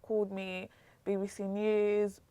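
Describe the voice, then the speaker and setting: A woman's voice: measured pace, smooth. A young British woman, a guest telling a story in casual chat, acting out the voices of the people she quotes. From Britain. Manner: animated, acts out quotes with pitch jumps. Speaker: interview guest.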